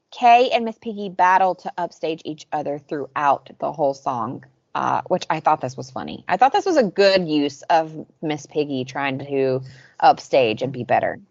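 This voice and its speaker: A woman co-hosting a podcast, chatting casually and recapping episodes with animated storytelling. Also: lowish voice, no room sound, dull audio. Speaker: podcast co-host. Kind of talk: casual chat.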